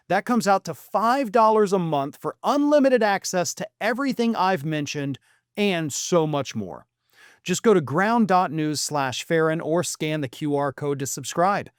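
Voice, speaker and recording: A man's voice: a little high, no echo, clean studio sound. A man hosting a political commentary show, talking in a scornful, emphatic monologue with some restarts.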